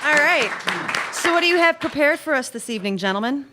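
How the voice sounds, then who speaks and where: A woman's voice: high-pitched, animated, fairly quick. A woman co-hosting a podcast who introduces guests in casual, friendly banter and laughs easily. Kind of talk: casual chat. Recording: loud crowd and noise behind.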